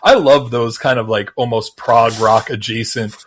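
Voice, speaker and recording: A man co-hosting a music podcast in casual chat, talking in a rambling, halting but enthusiastic way. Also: mid-range voice, fairly even intonation, a bit bright, a little hiss or hum. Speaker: podcast co-host.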